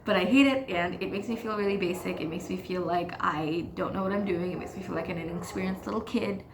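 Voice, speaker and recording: A woman's voice: on the low side, quick pace, reverberant, noisy background. A teenage girl hosting her own podcast, ranting frankly and self-deprecatingly in casual talk, swearing freely. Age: teens. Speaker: podcast host. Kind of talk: casual confessional rant.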